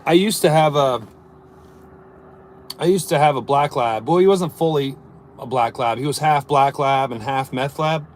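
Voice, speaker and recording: Speaking at normal speed in a medium-pitched voice, a man who works as a service plumber hangs out on a live stream from inside his work van. He reads viewer comments and jokes loosely, and a little hiss or hum sits under the recording.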